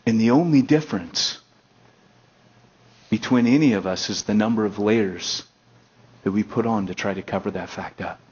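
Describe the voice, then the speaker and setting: A male pastor preaching a conversational sermon, moving between emphatic raised passages and low, quiet stretches. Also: moderate pace, long pauses, breathy edge, muffled recording. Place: elementary school meeting hall.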